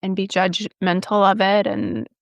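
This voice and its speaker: A woman's voice: medium pitch, big pitch swings, a little slow, dry recording. A woman hosting a podcast interview, responding with sympathy and short affirmations. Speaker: podcast host. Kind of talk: interview conversation.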